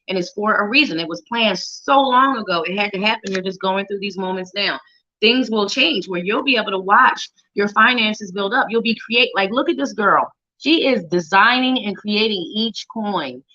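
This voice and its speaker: With a medium-pitched voice that's bright and forceful, this psychic reader moves at a moderate pace through tarot readings on a live show. She chats playfully, greets viewers by name, and hums small tunes as she shuffles, heard through dull lo-fi livestream audio.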